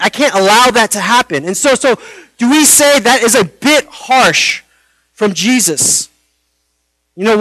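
High, bright-voiced male preacher. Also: no room sound, low-quality recording. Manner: earnest preaching with dramatic pauses and rhetorical questions. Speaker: pastor. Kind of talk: sermon.

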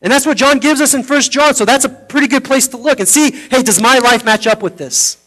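A man with a high voice preaching a sermon. He is earnest, and his teaching slips into hushed, tender storytelling. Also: a little fast, poor audio. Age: adult, parent of a foster daughter. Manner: earnest, drops softly into personal stories. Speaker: pastor.

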